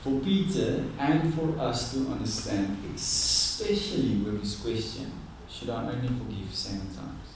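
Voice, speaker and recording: A man preaching a conversational, animated sermon. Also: mid-range voice, unhurried, few pauses, slight background noise. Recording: echoey room, distant mic.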